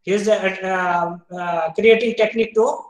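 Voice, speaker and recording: A man with an Indian English accent giving an online university lecture, explaining step by step, quizzing students, often pausing with "uh". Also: sits high, steady tone, reverberant, low-quality recording. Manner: explains step by step, asks students questions, frequent "uh" fillers.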